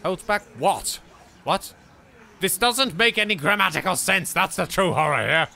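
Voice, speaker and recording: Brief: English male gamer host, animated and bright, bantering with the game. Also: high voice, moderate pace, gravelly. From England. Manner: animated, jokey, talks to objects, swears. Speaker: let's play host. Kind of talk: casual gameplay commentary.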